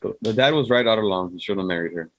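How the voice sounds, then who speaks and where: A man on a casual movie review podcast, making quick, dry remarks. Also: fairly low pitch, a bit bright, rough recording. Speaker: podcast co-host.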